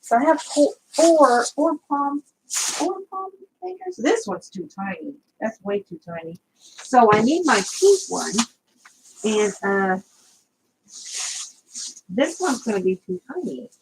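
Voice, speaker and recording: A woman's voice: medium pitch, a little hiss or hum, poor audio. A woman vlogging a crochet tutorial in a casual, rambling way, talking to her viewers as she hunts for her supplies. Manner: chatty, scattered, talks to viewers while searching.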